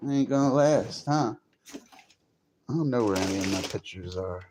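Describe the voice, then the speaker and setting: A man's voice: lowish voice, animated, a little slow, background noise. A man chatting casually on a livestream, rambling and swearing freely. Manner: profane, rambling, easily frustrated. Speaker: live streamer.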